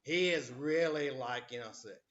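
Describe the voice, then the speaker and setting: A male teacher lecturing his class, full of fillers and little acted-out quotes. His pitch sits in a middle range. The recording is dull and lo-fi, as if made in a classroom. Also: measured pace, a bit bright. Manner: rambling, many fillers, acts out quotes. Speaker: history teacher.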